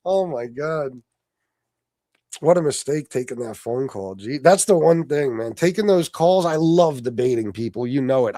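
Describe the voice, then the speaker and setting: A man hosts a livestream in casual, profane chat, laughing often as his pitch leaps high and drops low. His voice sits a little high and sounds close and dry, with no room echo behind it. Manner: loud, animated, swearing, laughs often. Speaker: livestream host.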